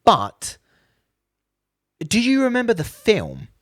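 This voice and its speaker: A man's voice: high-pitched, wildly swooping pitch, slow, no room sound. Casual young British man, dry close sound. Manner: rambling, trails off mid-sentence. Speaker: podcast co-host. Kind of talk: casual chat.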